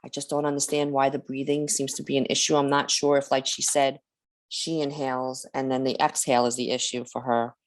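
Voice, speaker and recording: A woman on a video call in a support group, speaking hesitantly with many fillers and pausing to catch her breath. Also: rumbling low, level tone. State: short of breath.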